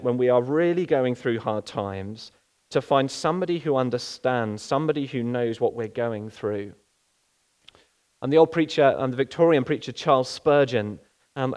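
Earnest guy preaching, mid pitch, takes his time, drags out the big lines. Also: darkish tone. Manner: earnest, unhurried, slows down for key phrases. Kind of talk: sermon.

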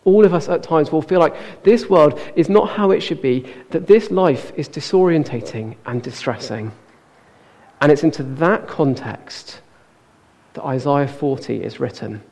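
An earnest man delivers a sermon and draws out the words he wants to stress. His voice is mellow and gravelly. It echoes with a long reverb around a church hall. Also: on the high side, animated, unhurried. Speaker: preacher.

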